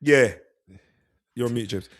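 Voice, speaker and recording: A man co-hosting a football podcast, talking fast and animated, acting out players' thoughts and laughing often. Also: mid-range voice. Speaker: podcast co-host. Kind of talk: casual football chat.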